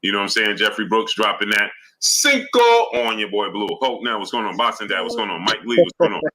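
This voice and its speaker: Man reading super chats, very bright and forceful, lowish voice. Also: very animated, fairly quick, rough recording. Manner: hypes viewers by name, streetwise slang. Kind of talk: live-stream shout-outs.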